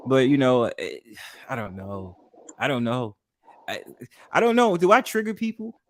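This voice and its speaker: A man's voice: medium pitch, lively intonation, moderate pace. A young man hosting a livestream, chatting casually in a laid-back, rambling way that trails off and repeats itself. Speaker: livestream host. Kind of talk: casual stream chat.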